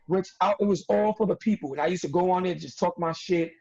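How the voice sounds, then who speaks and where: A young New York wrestler guests on a casual podcast interview, speaking in a streetwise, emphatic way and repeating himself for effect. His warm voice sits high and he talks fast, captured in dull lo-fi audio.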